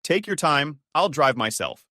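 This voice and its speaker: A man's voice: fairly high pitch, sing-song, a little slow, pushed and bright, dry recording, studio quality, exaggerated voice. A man voicing a young wife who is playful, vain and persistent. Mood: coaxing.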